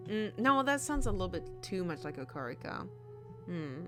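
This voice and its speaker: A woman streamer chatting casually as she plays, rambling with fillers and asides. Her voice sits a bit low but moves around a lot, with faint music underneath. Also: very animated, moderate pace, a bit bright. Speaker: gameplay streamer. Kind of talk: casual let's play commentary.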